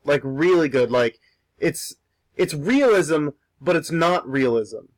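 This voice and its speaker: A young man with a voice on the higher side chats casually while he draws. He rambles, stumbles over repeated words and swears offhandedly. The sound is dry and close, with no room around it. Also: animated, slow pace, no echo, poor audio. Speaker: art streamer. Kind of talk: casual talk while drawing.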